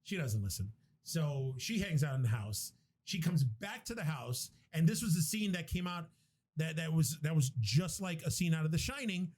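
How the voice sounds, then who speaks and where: In a casual movie recap on his podcast, a man with a fairly high, darkish voice speaks at normal speed with lively intonation. He tells the story in a profane, rambling way, restarting now and then.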